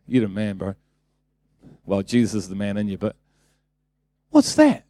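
Mellow-voiced man preaching a sermon. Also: fairly low pitch, wildly swooping pitch, measured pace. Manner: conversational, building to emphatic bursts; asks the congregation rhetorical questions.

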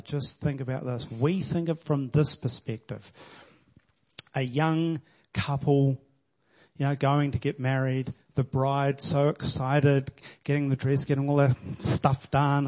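A man's voice: mid-range voice, flat delivery, normal speed, a little mellow. Male pastor, mid-range voice, earnest conversational sermon delivery. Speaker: preacher.

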